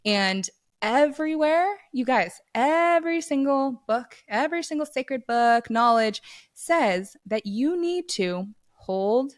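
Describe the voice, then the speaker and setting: A woman's voice: high voice, lively intonation, slow, dry recording, studio quality. A young woman co-hosting a podcast in casual chat, bubbly, slangy and emphatic. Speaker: podcast co-host.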